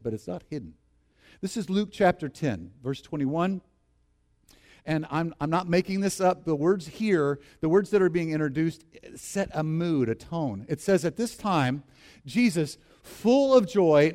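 A man preaching a sermon in an animated way, reading scripture with laughter and leading the congregation in repeating lines. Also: high-pitched. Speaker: pastor.

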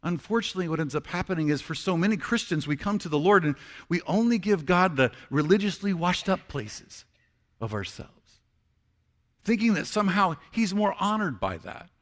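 A man's voice: sits high, lively intonation, normal speed, a bit bright. A man preaching a sermon as pastor, conversational and earnest, acting out heartfelt prayers.

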